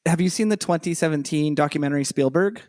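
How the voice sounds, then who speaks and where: A man's voice: fairly high pitch, fast talker, darkish tone, dry recording, clean studio sound. A man co-hosting a casual podcast, rambling enthusiastically with lots of fillers. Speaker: podcast co-host.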